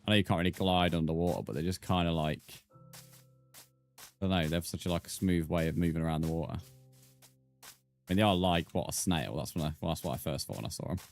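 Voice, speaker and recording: A man's voice: sits low, fast talker, vocal fry, pauses often, soft background music. A British man chatting casually with viewers during a live game stream, bantering and thanking followers. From Britain. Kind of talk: casual live-stream chat while gaming.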